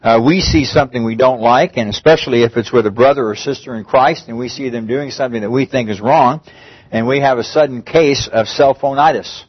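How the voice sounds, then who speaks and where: Speaking a little fast at medium pitch with a breathy edge, a pastor gives a conversational sermon. He restarts phrases and raises his voice on emphatic pleas. The recording is dry, dull, and muffled.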